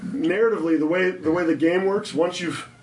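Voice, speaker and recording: A man running a tabletop role-playing game as game master, explaining rules and slowing down to narrate scenes vividly. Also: high-pitched, recorded from a distance. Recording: roomy, a little off-mic, faint background hum.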